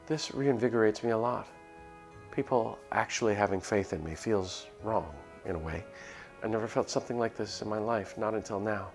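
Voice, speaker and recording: A man reads a spooky visual novel aloud on stream, voicing the narrator in first person. His delivery is nervous and earnest, with small slips he corrects. His voice is very deep and gravelly. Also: moderate pace, faint music behind. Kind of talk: dramatic first-person reading of a game script.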